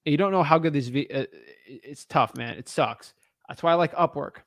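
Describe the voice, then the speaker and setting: A man's voice: fairly high pitch, moderate pace, dry recording, studio quality. A man coaching on real estate wholesaling, blunt and casual, calling people man and dude. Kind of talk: casual advice on a call.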